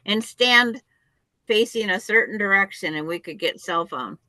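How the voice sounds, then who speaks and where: Bright, insistent woman on a video call. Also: medium pitch, normal speed, no echo, rough recording. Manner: insistent, talks in restarts, argues her point. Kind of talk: casual chat.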